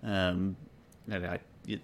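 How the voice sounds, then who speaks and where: Low-voiced man in playful chat. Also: little pitch movement, takes it slowly. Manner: playful, then thoughtful, with fillers. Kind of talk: casual chat discussing a show.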